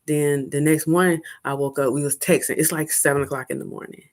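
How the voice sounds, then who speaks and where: A middle-aged woman telling a personal dating story casually, candid and profane. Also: a little fast. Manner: candid and profane, with animated high-pitched quoting.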